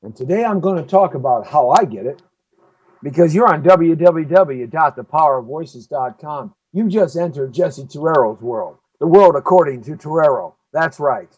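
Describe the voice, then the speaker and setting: A man from Southern California with a rather high voice, hosting a talk show in a heated, repetitive solo rant. He hammers away with rhetorical questions. The recording sounds dull and lo-fi. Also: expressive, moderate pace, a little mellow. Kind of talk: ranting solo monologue.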